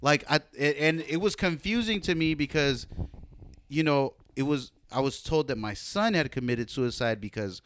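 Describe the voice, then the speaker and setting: A man's voice: a little high, normal speed, fairly bright tone, clean tone. A man co-hosting a podcast, telling a long story in casual, profane chat with lots of fillers. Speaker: podcast co-host.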